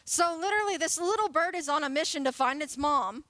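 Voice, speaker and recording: A woman's voice: high-pitched, expressive, brisk, fairly bright tone, no echo. A woman in her late twenties giving a casual, playful sermon as a youth pastor. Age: 20s. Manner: casual, chatty and playful, laughing often.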